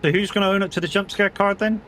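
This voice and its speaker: A man's voice: high voice, fairly even intonation, fast, pushed and bright, slight background noise. A man streaming a game live, chatting casually, swearing freely and bantering with his chat. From United Kingdom.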